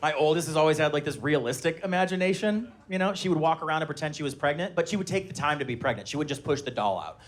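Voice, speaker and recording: A man in his thirties doing a stand-up comedy set live on stage, telling animated stories and shouting his children's lines. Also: quick pace, hardly any pauses. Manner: animated storytelling, shouting high-pitched voices when acting out his kids. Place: live comedy venue with laughing audience.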